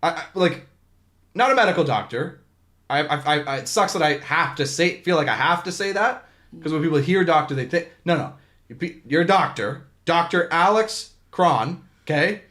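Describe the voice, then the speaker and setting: A man's voice: a little high, animated, normal speed, a bit bright. A man hosting a volleyball talk podcast in casual chat, joking and rambling with frequent restarts. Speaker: podcast host.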